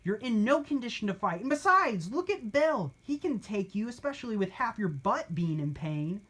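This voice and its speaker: A woman's voice: medium pitch, sing-song, moderate pace, a bit bright, breathy edge, pitched above the performer's own voice. A woman voicing an anxious, fussy young adventurer in a storybook reading, fretting and lecturing. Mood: fretful. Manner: fretful, lecturing.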